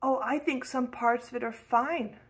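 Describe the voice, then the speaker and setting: Eager young boy, voiced by a woman reader, higher pitched, chatty, blunt, storybook. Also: fairly even intonation, moderate pace, close to an everyday voice. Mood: cheerful. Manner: chatty, curious, cheerfully outspoken. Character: eager, blunt nine-year-old farm boy.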